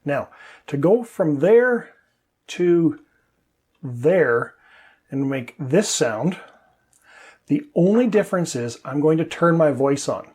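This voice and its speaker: A man's voice: fairly high pitch, very animated, slow, pauses often, darkish tone, husky. A man teaching English pronunciation, explaining patiently step by step and demonstrating sounds.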